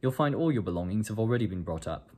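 A man's voice: lowish voice, animated, fast, mellow. A man doing an officious teenage prefect. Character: prim teenage prefect giving orders.

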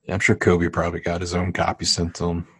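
A man's voice: low voice, completely flat delivery, quick pace, a bit bright, breathy edge, dry recording. A man co-hosting a podcast, chatting casually and crudely while watching a movie. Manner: laid-back, mumbling, crude jokes. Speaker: podcast co-host. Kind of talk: casual movie commentary chat.

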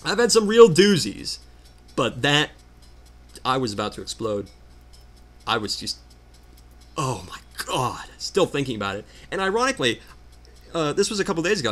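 A man doing casual gameplay commentary, telling a story as an animated, exasperated rant. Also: on the high side. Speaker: let's player.

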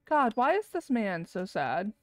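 High lively voiced woman gaming on stream, cussing and laughing a lot, dry close mic. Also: a little slow, no echo. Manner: profane, exasperated ranting with frequent laughter. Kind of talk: live gameplay commentary.

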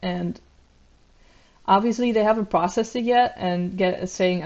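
A woman offering analytical commentary in a measured, reflective voice, often pausing on an "uh". Her pitch sits in a middle range. The recording sounds slightly dull. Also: a little mellow. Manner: measured, reflective, many ums and uhs. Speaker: YouTube commentator.

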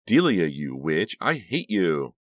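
A man voicing a furious, hysterical teenage girl who shrieks and sobs hoarsely at her rival. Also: deep voice, wildly swooping pitch, takes it slowly, no echo, pitched above the performer's own voice, exaggerated voice.

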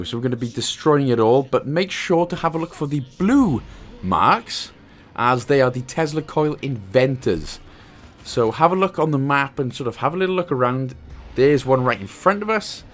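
A Welsh man casually commentating over gameplay, chatty and joking as he gives tips. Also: mid-range voice. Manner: joking, chatty, self-mocking. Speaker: gaming channel host.

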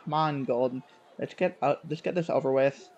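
A man voicing a moody, exasperated teenage girl in a game reading, drawling her lines slowly. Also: medium pitch, a little mellow, lo-fi sound, some chatter behind, natural voice. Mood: sulky. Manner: slow, sulky, exasperated.

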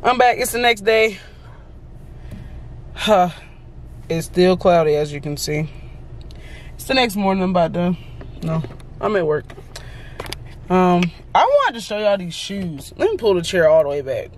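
A woman's voice: lowish voice, big pitch swings, measured pace, long pauses, slight background noise. A woman vlogging casually about her day on a phone held at arm's length, chatty and rambling, often exasperated. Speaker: vlogger and lash technician. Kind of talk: casual selfie vlog.

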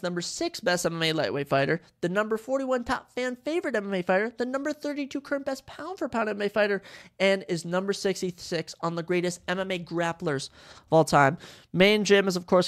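A man's voice: high voice, a bit bright. Hyped young man breaking down fights. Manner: hyped, repeats lines for emphasis. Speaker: podcast host. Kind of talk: excited sports podcast breakdown.

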